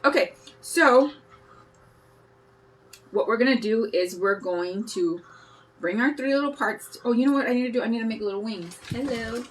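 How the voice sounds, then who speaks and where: A woman's voice: fairly high pitch, normal speed, pauses often, slight background noise, poor audio. A woman in her fifties hosting a live craft tutorial, chatting in a bubbly, rambling way and greeting viewers by name as she works. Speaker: craft livestream host.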